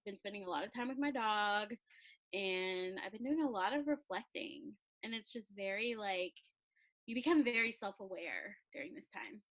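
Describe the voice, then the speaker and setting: A woman's voice: medium pitch, animated, moderate pace, highs cut off. A young woman chatting casually in an interview about her calligraphy business, laughing often and filling her talk with "like".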